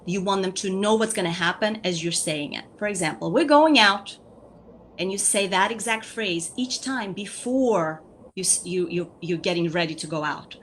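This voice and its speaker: A woman's voice: on the low side, moderate pace, slight background noise. A woman explaining speech activities for young children to parents, patient and repetitive, checking in with "okay?" after each point. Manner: patient, repeats key points, frequent "okay?" check-ins. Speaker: speech therapist guest. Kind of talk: instructional talk to parents.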